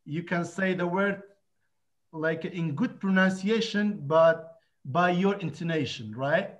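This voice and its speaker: Kurdish-accented guy, english trainer, lots of uh and you know, kinda high voice. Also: slow. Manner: hesitant, many fillers, searching for words. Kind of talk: casual teaching discussion.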